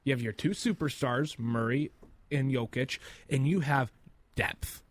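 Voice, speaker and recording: A man's voice: medium pitch, unhurried, no echo. A man co-hosting a sports podcast, casually rattling off stats and offering hot takes. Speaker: podcast co-host.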